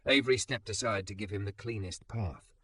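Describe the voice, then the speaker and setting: A man narrating a scripted story in an even, measured reading. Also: on the low side, husky, no room sound.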